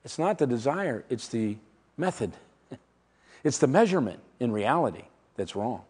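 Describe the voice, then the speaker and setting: A man preaching a sermon, emphatic and dramatic, swinging from loud declarations to hushed, slow words. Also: medium pitch, very animated, husky. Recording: long hall reverb.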